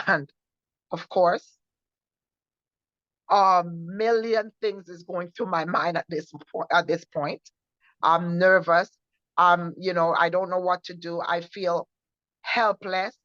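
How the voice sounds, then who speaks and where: A woman recounts her own story in a low voice, earnest and halting, often repeating words and restarting as she goes. The recording is dry and close, with a dull, lo-fi tone that dulls the top end. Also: steady tone, fairly bright tone, no room sound. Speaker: guest sharing a personal testimony. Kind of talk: personal testimony storytelling.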